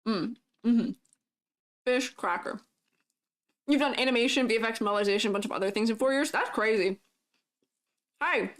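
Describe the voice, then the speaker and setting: Pausing often, this streamer and 3D artist speaks at normal speed with a slightly high, fairly bright voice. She munches on food as she reads chat messages aloud, giggly and chatty throughout.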